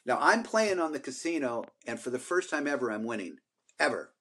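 An older man spins a long anecdote in casual podcast chat. He rambles, stops for fillers and restarts, then gets animated at the good parts. His voice sits at a middling pitch for a man. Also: a little fast, husky. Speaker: podcast co-host.

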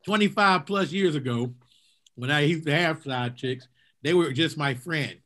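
Bright high-voiced man, casual chat. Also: measured pace. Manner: laughs often, animated storyteller. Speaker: podcast co-host.

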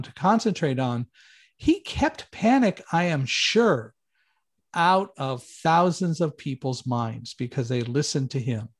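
A middle-aged man telling a personal story as an interview guest, lively, acting out quoted lines with raised voice. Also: unhurried. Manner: animated, raises pitch and volume for quoted lines. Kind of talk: conversational storytelling.

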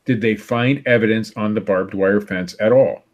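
A man's voice: on the low side, normal speed. A man in his fifties co-hosting a podcast, bantering stubbornly and laughing often. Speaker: podcast co-host. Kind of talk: casual banter.

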